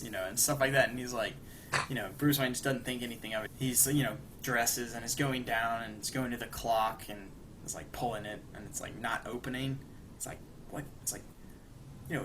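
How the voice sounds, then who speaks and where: A young man co-hosting a podcast, casually retelling a cartoon episode in a rambling way, with lots of fillers and quick put-on lines for the characters. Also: medium pitch, background noise. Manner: rambling, acts out quoted lines with animated bursts. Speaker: podcast co-host.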